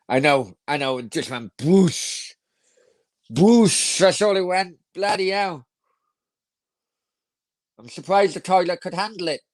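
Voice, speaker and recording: A man's voice: on the high side, a bit bright, no echo. A man hosting a casual football live stream, rambling crudely, swearing freely and reading viewer comments aloud. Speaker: football channel host.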